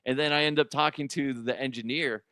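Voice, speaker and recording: A middle-aged man hosts a talk radio show, rambling through stories with plenty of swearing and self-mockery. His voice sits at an average pitch and sounds dry and close, with no room around it. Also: fairly even intonation, brisk, sharp tone, dry recording. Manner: profane, self-deprecating, rambling. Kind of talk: casual comedic talk radio monologue.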